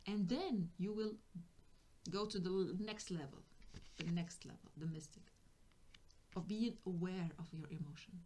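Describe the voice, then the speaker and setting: A woman's voice: fairly low pitch, normal speed, mellow. A woman giving a tarot reading for spiritual guidance, speaking hesitantly and often restarting as she searches for words. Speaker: tarot reader.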